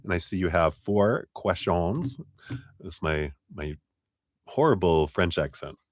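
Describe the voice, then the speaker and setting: A deep-voiced man giving a live tarot reading to viewers. He chats loosely, laughs a lot and slips into quick acted-out quotes. The sound is dry and close. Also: lively intonation, no room sound. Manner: chatty, laughs often, acts out quotes. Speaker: tarot reader.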